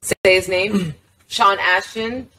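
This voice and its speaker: A woman's voice: medium pitch, steady tone, slow pace, pushed and bright, low-quality recording. A middle-aged woman hosting a podcast, chatting casually and telling stories about her own life. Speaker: podcast host. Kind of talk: casual chat. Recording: faint background noise.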